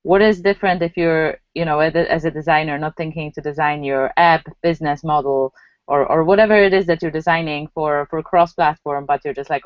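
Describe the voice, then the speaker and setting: A woman moderating an online discussion, passing on a viewer's question in a halting way with many fillers. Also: low voice, fairly even intonation, dry recording. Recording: dry, muffled lo-fi audio.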